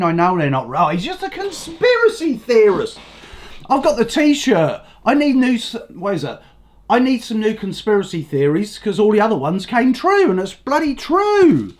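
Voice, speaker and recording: An older man, a bit hoarse, ranting bluntly about politics and swearing often. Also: high voice. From England. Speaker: vlogger.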